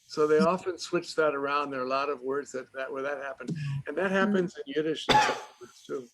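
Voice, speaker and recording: A man, a dance teacher, chatting casually on a video call, speaking haltingly with many restarts. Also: on the high side, a bit bright, low-quality recording.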